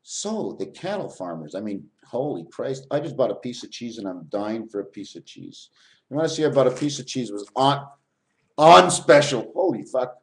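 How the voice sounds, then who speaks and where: A man's voice: medium pitch, sing-song, moderate pace. A man vlogging a rambling spiritual monologue, jumping between topics and swearing.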